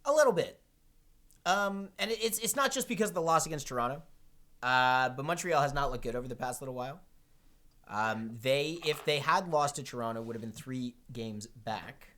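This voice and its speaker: A man's voice: medium pitch, animated, moderate pace, a bit bright. A man co-hosting a podcast, chatting casually about sports in a joking, teasing way. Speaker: podcast co-host.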